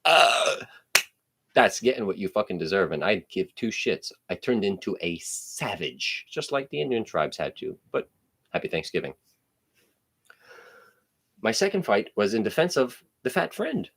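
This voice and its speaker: Gravelly deep-voiced man telling a story. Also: unhurried. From New Jersey. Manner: profane, animated, blunt. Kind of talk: casual storytelling.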